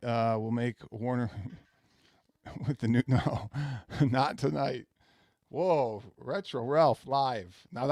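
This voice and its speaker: A man's voice: medium pitch, no room sound, clean studio sound. A man hosting a livestream, rambling through stories and reading out chat messages. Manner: rambling, animated storytelling, reads chat aloud. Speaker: livestream host.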